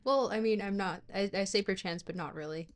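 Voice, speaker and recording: A woman reads a book aloud for her livestream chat, stopping often to ramble playfully. She trips over words and corrects herself as she goes, and her voice sits at an ordinary middle pitch. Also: fairly quick. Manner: rambling and playful, with frequent fillers and self-corrections. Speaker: streamer. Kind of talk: reading a book aloud on a livestream, chatting between passages.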